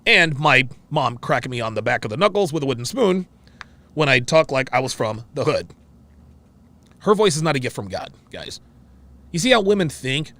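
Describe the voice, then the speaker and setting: A man hosting a reaction show, commenting on a clip in an excitable way and often repeating himself. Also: medium pitch, moderate pace. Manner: excitable, interrupts and repeats phrases.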